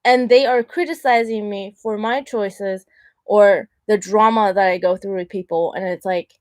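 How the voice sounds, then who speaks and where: A woman's voice: medium pitch, fairly even intonation, normal speed, a little mellow, no room sound. Chatty blunt young woman, dry sound. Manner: chatty, blunt, full of "like" fillers, acts out quotes in mocking voices. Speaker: host. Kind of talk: casual monologue.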